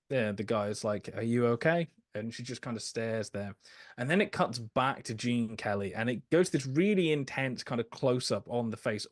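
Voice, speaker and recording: A mid-range male voice, captured dry and clean in a studio, belongs to a podcast co-host casually reviewing an old musical film. He is hesitant, restarting often and using many fillers.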